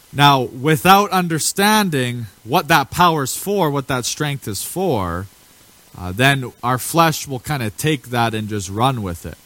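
A man's voice: medium pitch, fairly bright tone. Man preaching a conversational sermon. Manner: conversational preaching that rises to emphatic declarations.

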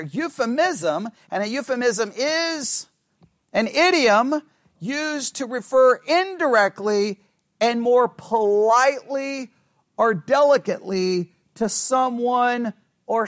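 A middle-aged man with a high voice leads a Bible study lesson, talking in a chatty way and checking often that the class follows. He drops into a low mumble to act out sarcastic replies. The sound is close and dry. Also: a bit bright, dry recording.

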